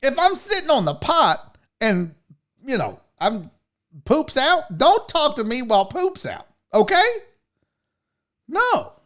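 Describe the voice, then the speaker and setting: Speaking at an extremely high pitch, this man takes his time and pauses often as he hosts a casual show. He reads viewer comments and launches into comical, swear-filled rants about pet peeves, exasperated and animated as he tells them.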